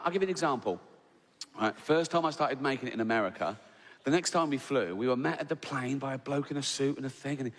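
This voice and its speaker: A middle-aged man doing stand-up comedy, telling loose, profane, mocking stories and tagging lines with "right?". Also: a little high. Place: large theatre stage. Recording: big hall reverb, faint crowd ambience.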